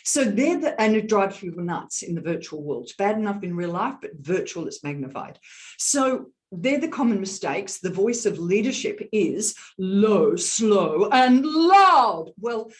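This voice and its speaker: A woman executive coach answering interview questions on a video call, talking in an animated, demonstrative way about voice and leadership. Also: medium pitch, normal speed. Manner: animated, demonstrative, explains with vocal examples. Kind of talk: virtual summit interview.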